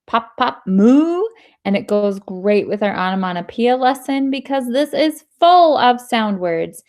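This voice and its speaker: Woman teacher reading aloud to children, unhurried, playful sound words. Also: medium pitch. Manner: expressive storybook reading with sound effects. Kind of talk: reading lesson with read-aloud.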